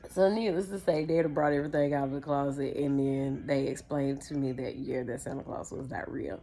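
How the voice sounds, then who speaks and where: A young woman tells a personal story on her podcast. She is animated and chatty and keeps calling her listeners "y'all". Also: extremely low pitch, fairly quick, few pauses. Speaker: podcast host. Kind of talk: casual storytelling.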